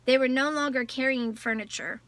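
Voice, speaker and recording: Woman, audiobook narrator, measured storytelling, bright tone. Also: sits high, fairly even intonation, dry recording. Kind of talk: scripted novel narration.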